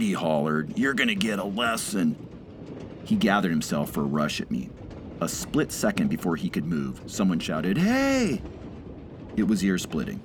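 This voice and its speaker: A man reading a first-person story aloud in a measured, dramatic way. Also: low-pitched, noisy background. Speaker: narrator.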